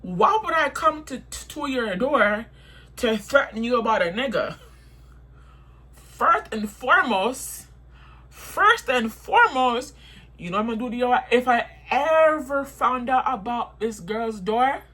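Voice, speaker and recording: A woman's voice: on the high side, expressive, measured pace, fairly bright tone. A young woman telling a storytime vlog, heated and profane, repeating herself as she vents. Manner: heated, profane, repetitive venting.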